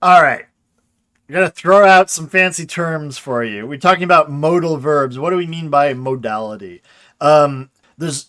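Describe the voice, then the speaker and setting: Man, grammar lecturer, casual livestream, fairly high voice, chatty, checks in often. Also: fairly bright tone. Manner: casual explanatory, reads chat questions aloud, frequent "right?". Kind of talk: livestreamed lecture with chat replies.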